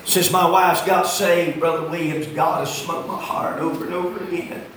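A man, preaching a fiery sermon as pastor, swinging from shouting to low, quiet asides. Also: steady tone, moderate pace, a little hiss or hum. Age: 50s. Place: church sanctuary. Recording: echoey room, heard from a distance.

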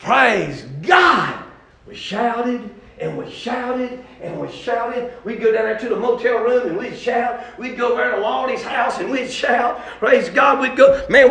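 Male preacher, high voice, shouting then hushed, recorded from afar in an echoey church hall. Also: far from the mic. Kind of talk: testimony sermon.

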